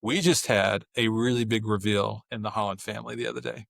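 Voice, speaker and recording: A man, a father, talking as a podcast guest, telling family stories with lively, acted-out bits of dialogue. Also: fairly low pitch, fairly quick, gravelly, dry recording, clean studio sound. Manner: animated storyteller, acts out family dialogue. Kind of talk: casual chat.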